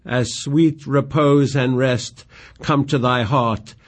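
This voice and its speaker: A man's voice: medium pitch, steady tone. Juliet, read aloud by a man. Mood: tender. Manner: slow, tender poetic recitation. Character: young woman in love, earnest.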